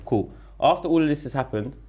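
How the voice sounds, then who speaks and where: A man with a South London accent, a rapper guest in a casual interview, telling a story in a slang-heavy, animated way and acting out what people said. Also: mid-range voice, fast talker, husky. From London, England. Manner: animated, slang-heavy, acts out the quoted lines.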